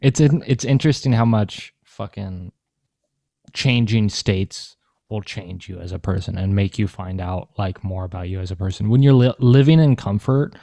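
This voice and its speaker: A young man co-hosting a podcast, chatting in a relaxed, joking way and agreeing easily. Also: on the low side, moderate pace, vocal fry, dry recording. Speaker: podcast co-host. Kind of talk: casual chat.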